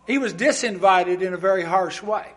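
Speaking at a moderate pace with a high-pitched voice, a man preaches in a church sanctuary. He is animated and emphatic, and his humorous asides to the congregation climb into loud outbursts.

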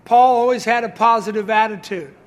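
A man with a strikingly high voice preaching a sermon. He tells stories, quotes voices, and reads scripture aloud. His delivery builds into emphatic, raised bursts. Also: steady tone, brisk.

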